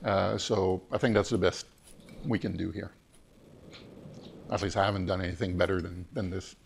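A man lecturing on physics in a seminar discussion, hoarse and hesitant, with many fillers and restarts. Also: low-pitched, fairly even intonation, moderate pace, a little hiss or hum. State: hoarse, losing his voice.

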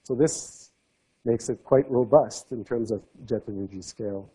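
A man lecturing at a seminar, his voice very dark and mellow with a husky grain. He explains things step by step and lets his phrases fade low and soft at the end. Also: moderate pace, rough recording. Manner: explanatory, trails off softly at phrase ends. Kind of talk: academic seminar talk.

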